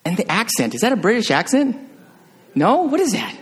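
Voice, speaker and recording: A man preaching a conversational sermon as pastor, joking with the congregation and dropping to a hush on solemn phrases. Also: high-pitched, wildly swooping pitch, fairly quick, husky. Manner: conversational, jokey, with restarts and sudden quiet hushed drops.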